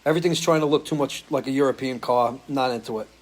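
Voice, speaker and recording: A man's voice: mid-range voice, quick pace. A man hosting a live stream as a musician, chatting casually and answering viewer comments, loose and swearing freely. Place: home, living in Florida.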